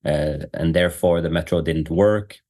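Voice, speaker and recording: A man hosting a podcast, talking loosely with many fillers and quick laughs in casual chat. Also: rumbling low, darkish tone. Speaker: podcast host.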